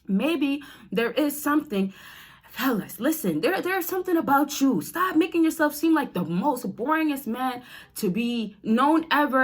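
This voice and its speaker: A woman's voice: high-pitched, fairly bright tone. Chatty woman giving dating advice. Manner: chatty, direct, addresses viewers as y'all and fellas. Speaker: dating coach. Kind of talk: casual advice vlog to camera.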